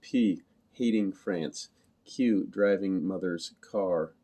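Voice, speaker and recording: A man reading a novel aloud in the first person, in a flat, literal, measured way. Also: sits low. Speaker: audiobook reader.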